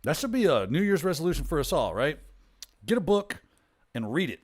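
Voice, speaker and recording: A man's voice: a little high, big pitch swings, brisk, slightly rough. A man hosting a casual livestream chat, talking in a chatty, rambling way and often correcting himself mid-sentence. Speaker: host.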